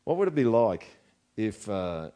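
A man's voice: fairly low pitch, sing-song, a little slow, mellow. A man preaching a sermon in a conversational way, often asking the congregation rhetorical questions. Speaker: pastor.

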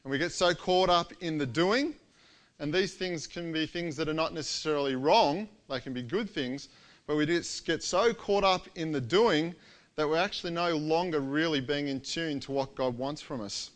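Male preacher, high voice, animated storyteller acting out the characters. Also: normal speed. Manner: animated storytelling, acts out quoted lines. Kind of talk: sermon.

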